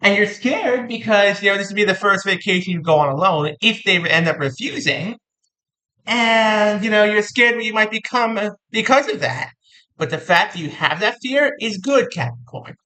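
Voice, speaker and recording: A woman giving a casual tarot reading, animated and playful, often repeating words for emphasis. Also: mid-range voice, normal speed, poor audio. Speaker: tarot reader.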